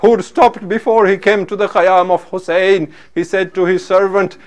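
A man preaching a sermon in a very high, clear, resonant voice. His delivery is steady and even in pitch as he solemnly retells a story and weaves in Arabic phrases. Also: moderate pace, few pauses.

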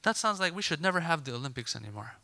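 A man preaching a sermon to a gathered crowd, animated and emphatic, acting out imagined dialogue to make his points. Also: fairly high pitch, very fast, no echo.

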